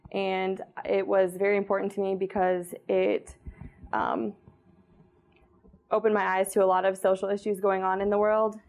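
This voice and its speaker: Young woman reading with a gravelly voice. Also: medium pitch, a little mellow. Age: young adult. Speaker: student worker reading aloud. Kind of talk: reading a novel excerpt aloud.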